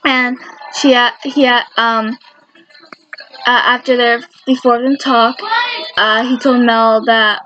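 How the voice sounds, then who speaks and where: A woman with a high voice runs through a casual fan countdown, rambling eagerly and often stopping to correct herself. The recording is dull and lo-fi, with a faint hiss of noise underneath. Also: level tone, slow, long pauses. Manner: rambling and enthusiastic, with many self-corrections. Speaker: fan video creator.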